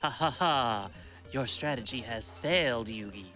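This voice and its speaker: A man's voice: medium pitch, measured pace, a bit bright, soft background music, close to an everyday voice. A man voicing a boastful young male sea duelist, reading his lines with grand, theatrical taunts. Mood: gloating.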